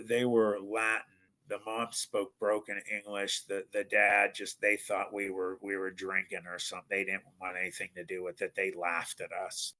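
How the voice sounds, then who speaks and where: A man's voice: fairly low pitch, pushed and bright. A middle-aged man from Ohio, a podcast guest, telling his story animatedly and acting out other people's voices. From Ohio, United States. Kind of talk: casual storytelling.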